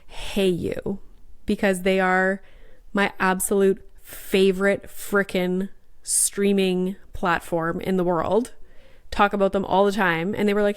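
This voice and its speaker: A woman's voice: medium pitch, flat delivery, a little slow, smooth. A woman hosting a mom podcast, chatting in a bubbly, gushing way while getting over a sinus infection. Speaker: podcast host. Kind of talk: casual chat.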